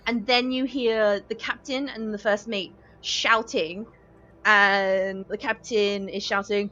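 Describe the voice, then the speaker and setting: A woman's voice: medium pitch, steady tone, takes it slowly, pushed and bright. A woman running a tabletop game as dungeon master, narrating loosely with fillers and laughs. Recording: dull lo-fi podcast audio.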